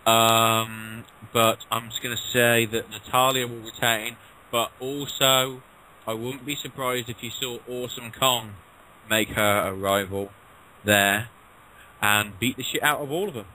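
A man's voice: mid-range voice, fairly even intonation, a little slow, bright, forceful tone, slight background noise, rough recording. A man giving his opinions as a panelist on a talk show, hesitant and trailing off mid-thought. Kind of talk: casual chat.

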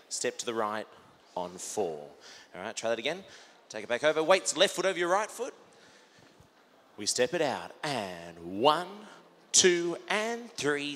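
An Australian man teaching a line dance live in a large hall, calling counts with a bright, forceful voice. His words ring out with a long reverb around them. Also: medium pitch. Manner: calls out step counts with jokes to the crowd.

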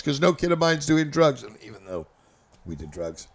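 A man's voice: fairly high pitch, sing-song, moderate pace. A man from Northern California telling a loose, rambling, profane story in a casual chat. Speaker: storyteller guest.

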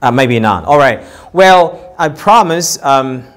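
A man's voice: mid-range voice, animated, takes it slowly, fairly bright tone. A man with a Sudanese accent giving a casual English pronunciation lesson to camera, often repeating words and restarting. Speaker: English teacher. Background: street traffic.

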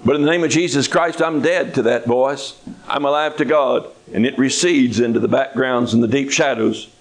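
A man's voice: mid-range voice, normal speed, poor audio. A man preaching a sermon in a folksy, conversational way with touches of humor.

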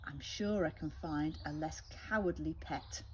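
A woman voicing a fussy female parrot in a storybook, pitched up and sing-song. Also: unhurried, a little hiss or hum. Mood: sighing.

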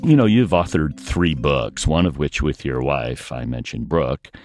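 A man hosting a podcast interview, telling stories in a relaxed way and laughing through his anecdotes. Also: a bass voice, measured pace, over music. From Pensacola area, US South. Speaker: podcast host. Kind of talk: conversational interview.

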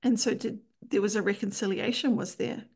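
A woman's voice: mid-range voice, steady tone, brisk, creaky, a little mellow, slightly rough. A woman hosting a faith podcast, asking questions and reflecting affirmingly on her guest's story. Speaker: podcast host.

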